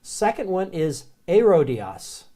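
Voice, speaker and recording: A man with a Southern American accent teaching the Greek alphabet in a relaxed, chatty way, slowly repeating each word. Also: high-pitched. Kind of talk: recorded classroom lecture.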